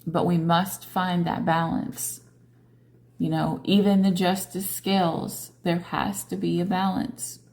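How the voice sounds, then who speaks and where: Slow, mellow-voiced tired woman tarot reader. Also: fairly low pitch. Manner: slow, conversational, coaxing questions to viewers. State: tired, yawning. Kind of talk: casual spiritual tarot reading.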